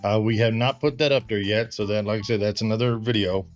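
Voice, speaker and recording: A man giving a casual, halting how-to walkthrough of wiring his trailer, slightly out of breath. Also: lowish voice, fairly even intonation, soft background music. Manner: plain, halting, lots of "uh". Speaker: RV owner doing a DIY install. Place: travel trailer and its storage bay, hot weather.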